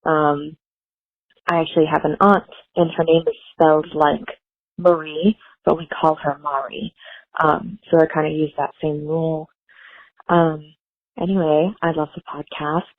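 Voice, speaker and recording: A woman's voice: deep voice, little pitch movement, unhurried, dry recording. An American woman leaving a casual, hesitant voice message for a podcast, full of ums. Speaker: listener sending a voice message. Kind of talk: recorded voicemail. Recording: tinny dry phone-like recording.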